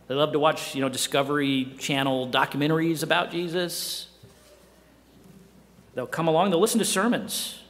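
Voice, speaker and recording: A middle-aged man preaching a sermon in a conversational way, often dropping to a hushed voice for emphasis and asking the listeners rhetorical questions. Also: fairly high pitch, long reverb tail. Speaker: pastor.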